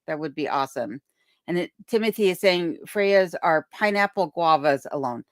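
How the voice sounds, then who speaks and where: Her voice on the low side and animated, a livestream host chats casually at a moderate pace from her remote Alaska home. She reads out viewer comments and thanks people, and her boom-arm desk microphone delivers studio quality without room sound.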